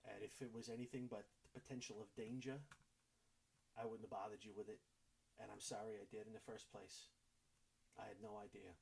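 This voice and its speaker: A man's voice: medium pitch, steady tone, normal speed, vocal fry, pauses often, husky. A man voicing a nervous, apologetic tavern regular who stammers as he talks. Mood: sincere.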